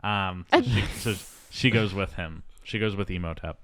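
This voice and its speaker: A man hosting a movie podcast, retelling the plot in an animated, jokey way. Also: low voice, normal speed, no room sound, studio quality. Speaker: podcast host. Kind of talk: casual movie chat.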